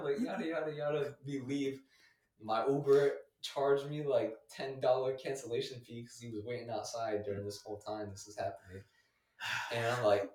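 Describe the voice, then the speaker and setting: A young man telling a story in a casual chat, full of filler words, laughing often and going higher when he quotes people. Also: fairly even intonation, moderate pace, a little mellow, echoey room, distant mic.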